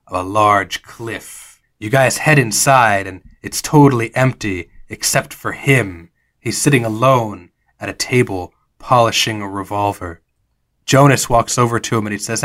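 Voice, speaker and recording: Bright-voiced man narrating a tabletop game. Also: lowish voice. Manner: stammering with many uhs, slips into folksy character voices. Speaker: game master.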